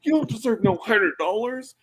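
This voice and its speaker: A man doing a shrill, paranoid money-refuser. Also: lively intonation, moderate pace. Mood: indignant.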